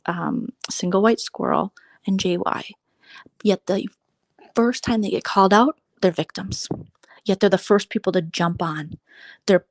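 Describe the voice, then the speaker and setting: A woman's voice: lowish voice, dry recording. A woman hosting a casual late-night livestream, blunt and sarcastic, swearing freely and often dropping into a whisper for asides. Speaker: livestream host.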